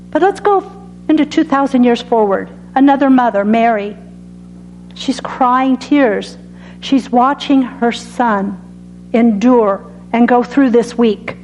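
Woman preacher delivering an earnest sermon with an altar call, measured and unhurried, soft music underneath. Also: fairly high pitch, rough recording. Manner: earnest, dramatic pauses, drops to soft tones on key phrases.

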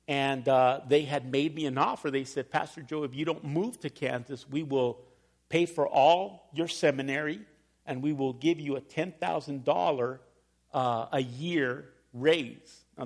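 A middle-aged man preaching a sermon as pastor, telling a personal story with humor and animated emphasis. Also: fairly high pitch. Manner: storytelling, animated, laughs at himself.

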